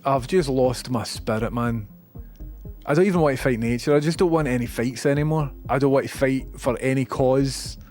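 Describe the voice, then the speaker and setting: A man's voice: mid-range voice, darkish tone. A man with a Scottish accent chatting casually on a livestream, rambling, sweary and self-deprecating.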